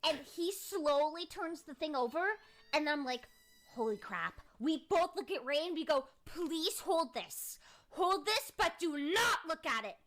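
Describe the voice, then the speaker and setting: Animated high-voiced woman telling stories. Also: moderate pace. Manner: animated, dramatic, jokey. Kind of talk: casual storytelling chat.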